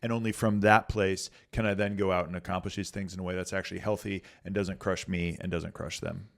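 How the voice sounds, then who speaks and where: A man's voice: deep voice, level tone, a little fast, vocal fry, fairly bright tone. A man, a pastor, talking casually and earnestly on a podcast, telling stories with many filler words.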